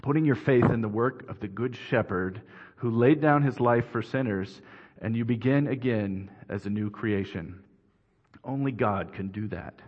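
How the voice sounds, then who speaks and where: A male preacher speaks in a steady, earnest way, walking through his points in a measured sermon. His voice sits in a middle register. The recording is dull and muffled, with long reverb from a large hall around him. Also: mid-range voice.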